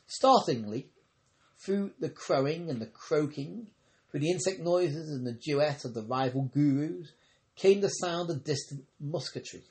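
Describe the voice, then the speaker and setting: A man's voice: fairly high pitch, animated, measured pace, darkish tone. Man reading aloud, stumbling now and then. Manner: reads with occasional stumbles and self-corrections. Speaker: audiobook reader. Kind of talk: scripted narration.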